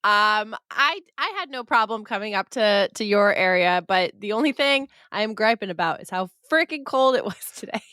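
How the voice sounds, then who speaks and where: A woman co-hosting a podcast in casual chat, animated and giggly, with a slightly nasal voice from a head cold. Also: mid-range voice, moderate pace, few pauses, clear, resonant tone, dry recording, clean studio sound. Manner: giggly, animated, laughs often. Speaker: podcast co-host.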